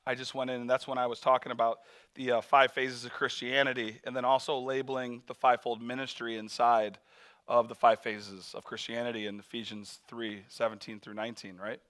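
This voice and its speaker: A man telling a mission story in a sermon, animated, acting out voices and laughing often. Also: medium pitch, fairly quick.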